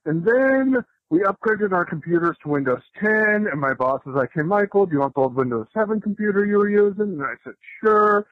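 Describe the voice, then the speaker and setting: A man's voice: high voice, animated, fairly quick, hardly any pauses, no echo. A man who works in radio leaving a rambling, casual voicemail. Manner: rambling, self-interrupting. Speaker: radio worker, voicemail caller. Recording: dull lo-fi voicemail.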